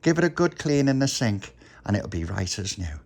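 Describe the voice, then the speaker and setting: A man's voice: lowish voice, big pitch swings, moderate pace, darkish tone. A man voicing a fussing, doting mother in a homemade bedtime story.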